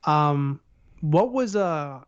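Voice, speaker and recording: A man's voice: a little high, lively intonation, extremely slow, clean tone, highs cut off. A man hosting a casual fan podcast, blunt and teasing as he challenges the other panelists, then wrapping up the show. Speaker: podcast host.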